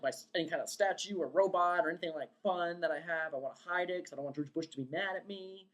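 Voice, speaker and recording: A woman telling a long dream story in a casual vlog, rambling with lots of fillers and excited quoted outbursts. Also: fairly low pitch. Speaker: vlogger.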